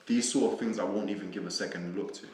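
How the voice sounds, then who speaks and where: A young man from Senegal speaks as a podcast guest in a fairly low voice. He is earnest and reflective and repeats words while he gathers his thoughts. The room leaves a noticeable echo on his voice. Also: steady tone, fast, a little mellow, a little hiss or hum. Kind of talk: casual conversation. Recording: roomy echo.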